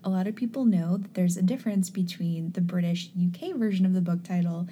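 Mellow-voiced woman podcast co-host. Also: fairly low pitch, brisk, breathy edge. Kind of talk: scripted podcast banter.

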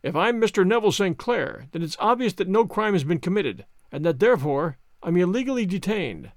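A man voicing a distressed, refined middle-aged gentleman exposed in disguise, speaking in an anguished, pleading way. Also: high-pitched, big pitch swings, a little fast, no room sound, studio quality. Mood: defiant.

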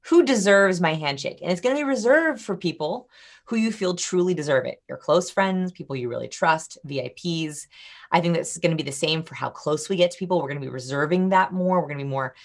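A woman's voice: sits low, brisk. A woman guest on a podcast, explaining body language and acting out different vocal tones. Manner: animated, demonstrates vocal tones. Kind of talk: podcast interview.

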